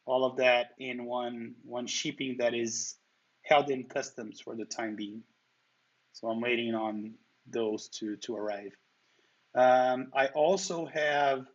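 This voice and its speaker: A man's voice: mid-range voice, a bit bright, dull audio. A man from Brazil with a heavy Brazilian Portuguese accent, hosting a livestream and chatting casually, answering viewers' comments. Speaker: livestream host.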